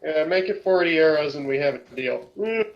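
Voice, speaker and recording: A man's voice: on the high side, expressive, moderate pace, muffled recording. A man playing in a tabletop game, playful and hesitant with fillers. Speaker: player. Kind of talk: tabletop role-play.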